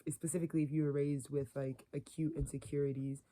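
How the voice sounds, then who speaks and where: A woman's voice: low voice, level tone, fast, warm tone. A woman giving a rambling, earnest spiritual monologue, full of "like" and "you know" fillers. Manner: filler-heavy, meandering, earnest. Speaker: spiritual content creator.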